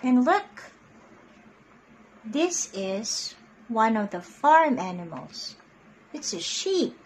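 A young adult woman reading picture books aloud to children in an animated, sing-song voice. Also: on the high side, slow, slight background noise. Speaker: children's storyteller.

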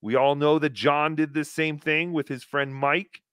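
Sarcastic podcast host guy, slow draggy talk, dry close sound. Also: a little high, clear, resonant tone, dry recording. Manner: animated, sarcastic, mocks with impressions. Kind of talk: mocking casual chat.

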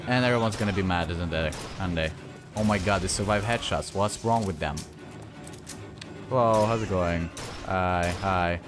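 Male Let's Play commentator, low voice, exasperated and profane, loud game music behind. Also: normal speed. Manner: frustrated, swearing, voice jumping up when annoyed. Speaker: gameplay commentator.

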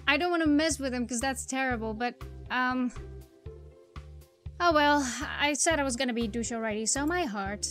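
A woman's voice: fairly high pitch, moderate pace, a bit bright. A young woman giving chatty, wry commentary while playing a story game. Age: young adult. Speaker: game streamer. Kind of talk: let's-play commentary. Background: faint game music.

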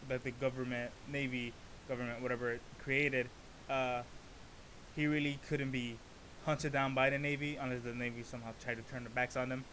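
A man casually reacting to a rap song, rambling through explanations and breaking into excited interjections. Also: mid-range voice, normal speed, slight background noise.

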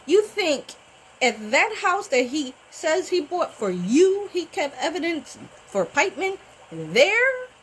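A woman in a relaxed recap chat whose fairly high voice keeps bouncing as she scolds the characters and jokes to her viewers. Her talk is lively and opinionated. A faint hiss sits under her voice. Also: slow, low-quality recording. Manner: animated, talks back to the characters. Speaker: TV recap vlogger. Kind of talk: casual soap-opera recap.

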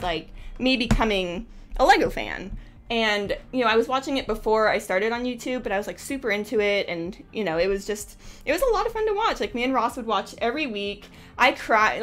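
A woman's voice: fairly high pitch, fairly bright tone. Chatty young American woman, faint music. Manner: chatty, many fillers, gushing. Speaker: LEGO livestream host. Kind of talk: casual chat while building.

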